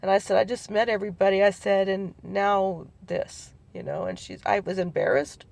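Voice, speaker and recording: Gravelly middle-aged woman recalling memories. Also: medium pitch, normal speed, a little mellow. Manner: hesitant, rambling, many ums and restarts; acts out quoted relatives in her telling. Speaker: family storyteller. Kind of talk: personal recollection.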